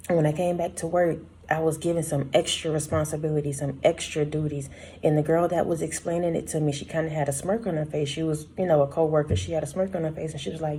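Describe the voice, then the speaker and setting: A woman's voice: deep voice, dark tone, slightly rough. A woman sharing a prophetic word in a casual, conversational way, speaking straight to her listeners. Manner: conversational, addresses listeners as y'all and baby. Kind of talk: casual spoken devotional.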